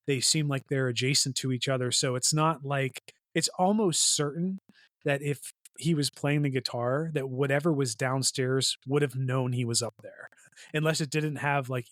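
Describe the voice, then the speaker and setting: A man's voice: mid-range voice, a bit bright, no room sound, clean studio sound. Rambling man co-hosting a podcast. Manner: rambling, heavy "like" and "you know" fillers. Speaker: podcast co-host. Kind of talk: casual chat.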